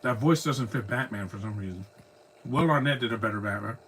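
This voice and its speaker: A man's voice: lowish voice, a little fast, fairly bright tone, slight background noise. A man live streaming, chatting casually through a movie reaction, rambling and laughing at his own jokes.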